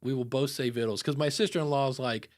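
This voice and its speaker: A man from the United States co-hosting a podcast in casual chat, animated and jokey, rambling with fillers. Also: medium pitch, fast talker. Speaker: podcast host.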